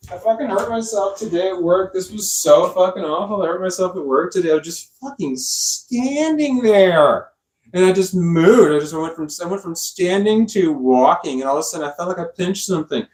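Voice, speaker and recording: Young man, slightly high voice, slow tired rambling, slurred, live stream chat. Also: a little mellow. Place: dark room on a sofa at home. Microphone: clip-on microphone.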